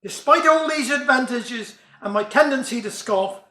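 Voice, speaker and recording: A man's voice: extremely high pitch, normal speed, sharp tone, roomy sound. A man reciting comic verse and jokes in broad dialect with a wry delivery. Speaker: storyteller.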